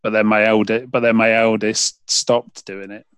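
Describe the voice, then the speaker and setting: Derby-accented male host, low voice, dry close sound, casual rambling storyteller. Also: little pitch movement, normal speed, a bit bright, clear, resonant tone, no room sound. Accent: English, Derby. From England. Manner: rambling storyteller, many restarts. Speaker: podcast host. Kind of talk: casual chat.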